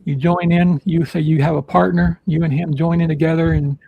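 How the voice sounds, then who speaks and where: A man's voice: on the high side, little pitch movement, a little fast, vocal fry, slightly rough, dry recording, narrow, tinny audio. A man hosting a live podcast, giving rambling announcements full of fillers in a casual chat style. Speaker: podcast host.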